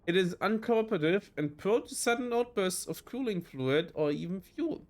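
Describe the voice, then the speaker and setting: German-accented male streamer, a touch high-pitched, reads game narration aloud in a halting, self-correcting way. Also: lively intonation. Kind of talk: reading game text aloud in a let's play.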